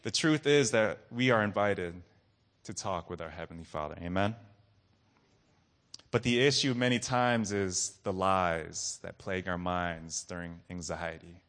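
A young adult man preaching a sermon, calling to the congregation and swinging between raised, urgent lines and low, quiet ones. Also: measured pace. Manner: call-and-response preaching, rising and falling emphasis.

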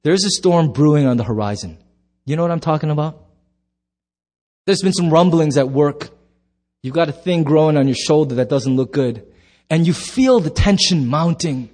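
A middle-aged man preaching a sermon as pastor, emphatic, swinging from loud bursts to hushed low lines. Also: animated, moderate pace.

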